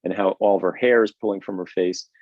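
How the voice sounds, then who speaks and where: A man's voice: low voice, fairly even intonation, quick pace, no echo. A man hosting a live drawing lesson, talking energetically and conversationally, often checking in with "right?". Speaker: drawing instructor and host. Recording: dull, lo-fi, dry stream audio.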